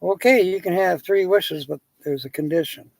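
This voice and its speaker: A man telling a joke as a brisk, impatient genie. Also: sits high, creaky, dry recording. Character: impatient male genie granting wishes.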